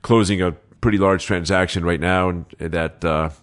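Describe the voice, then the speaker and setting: Deep-voiced man telling real estate stories. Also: moderate pace. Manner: animated anecdotes with laughs and quoted dialogue. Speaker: luxury real estate agent. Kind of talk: interview storytelling.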